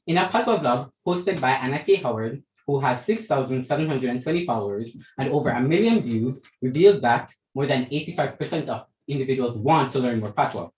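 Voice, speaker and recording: A man's voice: mid-range voice, animated, a little fast, few pauses, echoey room, low-quality recording. A teenage boy with a Jamaican accent giving an emphatic, rhetorical school debate speech, addressing judges and opponents. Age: teens. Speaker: debate speaker.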